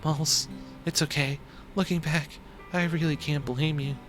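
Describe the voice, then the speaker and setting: Man voicing a tearful, gentle schoolgirl. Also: fairly high pitch, steady tone, measured pace, voice pushed up. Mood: tender. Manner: gentle, pleading, soft. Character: soft-spoken teenage girl, tearful best friend. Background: music.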